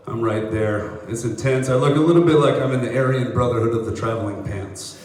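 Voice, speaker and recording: A man's voice: mid-range voice, brisk, hardly any pauses. A young American man doing a loose, crowd-working stand-up set, slipping into voices for bits. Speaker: stand-up comedian. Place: outdoor apartment complex courtyard. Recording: echoey, distant, noisy live recording.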